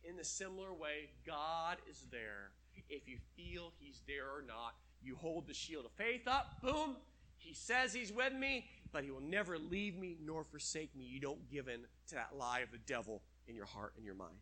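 A middle-aged male preacher with a notably high, brilliantly bright voice. He delivers his sermon with emphatic, animated energy, stretching out scripture passages for weight. The tone stays lively and direct throughout. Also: moderate pace.

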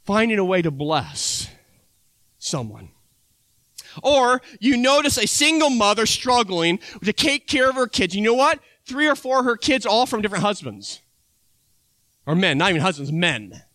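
Bright-voiced pastor, lively delivery. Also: male voice, high-pitched, no room sound. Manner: conversational, acts out little dialogues. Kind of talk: sermon.

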